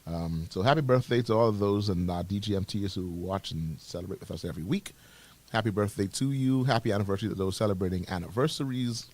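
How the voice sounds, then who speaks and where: A Bahamian man co-hosting a morning radio show in casual chat, teasing and giving jokey shout-outs. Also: on the low side, fast. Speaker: radio co-host. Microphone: studio microphone.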